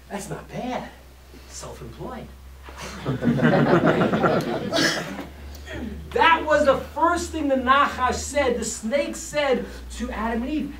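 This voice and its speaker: A class teacher with a mid-range voice speaks slowly in an informal talk to a live audience, animatedly acting out quotes and joking with the room. The mic is distant, the room echoey, and there's a faint hiss.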